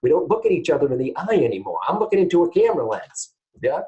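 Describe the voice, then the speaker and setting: A man teaching psychic mediumship to camera in a casual, animated way, often checking in with his viewers. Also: fairly high pitch, fast talker, lo-fi sound. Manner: animated, keeps checking in with "guys, okay?".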